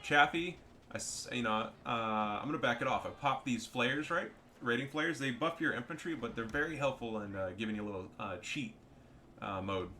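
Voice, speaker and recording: A young man giving casual, profane, excitable commentary over his own strategy game match. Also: medium pitch, normal speed, slight background noise. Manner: profane, excitable, trash-talking. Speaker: gameplay commentator.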